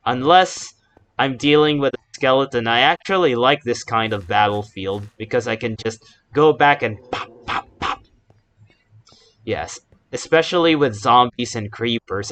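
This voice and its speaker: This man, a gaming YouTuber, has a mid-range, fairly bright voice, and the recording carries a little hiss or hum. His Let's Play commentary is casual and rambling, full of self-corrections and side tangents.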